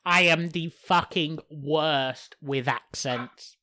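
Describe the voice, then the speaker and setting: A woman's voice: low-pitched, takes it slowly, sharp tone. A woman from the UK co-hosting a casual podcast chat, who swears often and talks in emphatic bursts. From United Kingdom. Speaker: podcast co-host.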